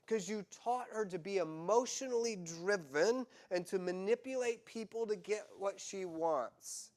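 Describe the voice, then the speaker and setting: A man pastor preaching a sermon, animated and conversational, acting out quoted voices with humor. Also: sits high, normal speed, hardly any pauses.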